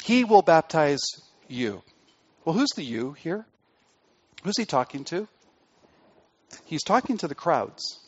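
A man preaching a sermon as pastor, pressing hard on key words and then dropping his voice low and quiet. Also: big pitch swings, slow, long pauses, breathy edge, highs cut off.

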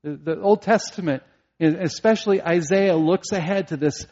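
A man preaching a sermon as a pastor, earnest, at times rising to emphatic preaching and at times dropping quiet. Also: sits high, normal speed, lo-fi sound.

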